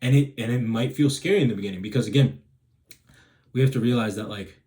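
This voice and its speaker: A man speaks fast in a mellow, mid-range voice while hosting a self-help video. The casual advice monologue rambles, with sentences restarted and "right?" used to check in.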